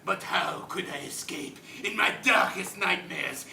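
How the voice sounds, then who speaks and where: A man's voice: sits high, unhurried, creaky, sharp tone, heavily acted. A man doing a haughty detective. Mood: disdainful. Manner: haughty, formal, exasperated. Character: pompous French male detective, weary and aloof. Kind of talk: improv comedy scene. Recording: echoey stage from far off, noisy.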